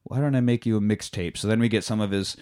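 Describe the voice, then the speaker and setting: A man's voice: on the low side, steady tone, fast, a little mellow, clear, resonant tone. A man in casual chat, retelling a movie's plot in a rambling way, swearing and acting out the characters' lines. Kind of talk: casual chat recapping a film.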